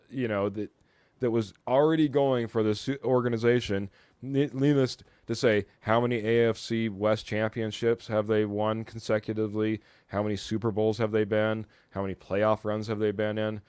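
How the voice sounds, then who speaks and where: A man's voice: on the low side, darkish tone, smooth, no room sound. A man hosting a casual sports chat, chatty and steering the talk between guests. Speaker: host.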